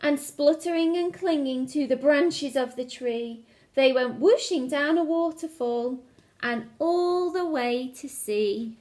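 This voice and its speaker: A woman teacher reading a picture book aloud to children, expressive and engaging. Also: high voice, slow pace. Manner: expressive, asks the listeners questions.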